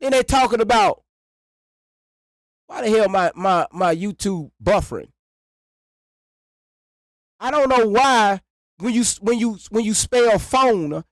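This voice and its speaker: Dude on his livestream, goes on rambly cussing rants and cracks himself up, drawn-out pace, dead dry room. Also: sits high, no room sound. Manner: rambling, profane, breaks into laughter. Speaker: livestream host. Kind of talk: casual livestream rant.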